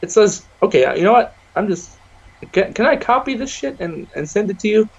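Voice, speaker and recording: High-voiced slangy young man, lo-fi call. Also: very animated, fairly quick, gravelly, husky. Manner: loud, swearing, slangy, laughing a lot. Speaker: podcast co-host. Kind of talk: casual chat over a call. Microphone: video call.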